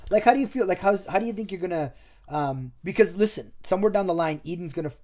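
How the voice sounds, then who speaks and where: Man from Chile hosting a podcast, easygoing casual chat, mellow, dark tone. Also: high voice, fast talker. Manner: relaxed, agreeable, says yeah and you know what I mean often. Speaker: podcast host. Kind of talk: casual conversation.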